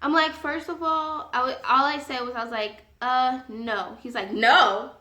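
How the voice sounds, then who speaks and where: A young woman telling a story to her viewers in a casual vlog, animated and indignant, acting out both sides of a conversation. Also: high-pitched, brisk, reverberant. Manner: animated, indignant retelling with quoted dialogue.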